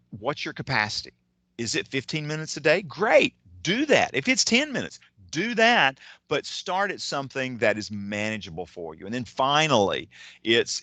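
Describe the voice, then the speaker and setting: A man's voice: mid-range voice, bright, forceful tone, no room sound. A man giving a motivational keynote talk, enthusiastic and digressive, often restarting his sentences. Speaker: keynote speaker. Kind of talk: motivational talk on time management.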